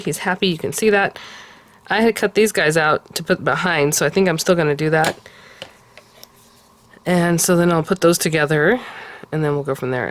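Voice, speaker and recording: A woman hosting a card-making tutorial, talking casually and often cooing softly over how cute the pieces are. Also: fairly low pitch, slight background noise. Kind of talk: casual crafting tutorial talk.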